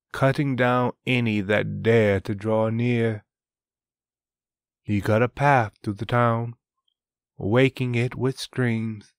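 A man reading a fantasy story aloud as narrator, in a measured, even way. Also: medium pitch, clean tone, no echo, studio quality. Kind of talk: audiobook narration.

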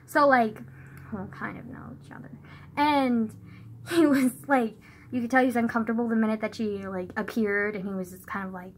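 A young woman telling a story on her phone, animated and sweary, sighing and laughing and saying "like" all the time. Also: fairly quick, a little hiss or hum. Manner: animated, says "like" constantly, sighs and laughs; swears freely, swings from loud outbursts to low mutters. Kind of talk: casual storytime vlog.

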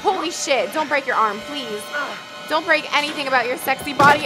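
A woman's voice: high voice, fairly quick. A young woman doing let's play commentary, crude and jokey, yelping when scared. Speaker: gaming YouTuber. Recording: game music behind.

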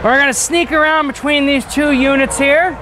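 A man's voice: extremely high pitch, fairly even intonation, moderate pace, noisy background. A man giving an upbeat, chatty walkaround tour of a travel trailer outdoors at an RV dealership. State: has the hiccups. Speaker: RV dealership salesman.

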